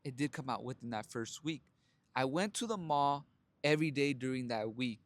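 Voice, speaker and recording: A man's voice: mid-range voice, normal speed, no room sound. A young man telling his own story in a casual motivational monologue, blunt and profane, calling his listeners brothers and laughing often. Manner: animated storytelling with frequent laughs. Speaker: self-help vlogger.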